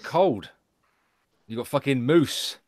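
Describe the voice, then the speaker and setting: A man from England chatting with friends on a stream, gruff and swearing, quick to laugh. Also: mid-range voice, lively intonation, darkish tone. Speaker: stream guest. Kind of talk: casual chat among friends.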